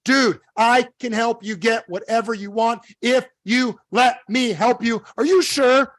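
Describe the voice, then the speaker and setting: A man's voice: very high-pitched, unhurried, a bit bright, no room sound, pitched above the performer's own voice. A man acting out a cocky, upbeat magic plumber who promises he can fix anything in a confident, breezy patter. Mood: assured.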